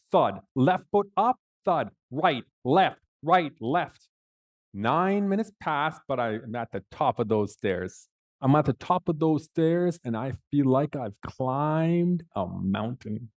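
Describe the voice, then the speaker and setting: A man's voice: medium pitch, a little mellow. A man on a panel telling a personal story in a vivid, dramatic way with big swings in emphasis. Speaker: panel speaker.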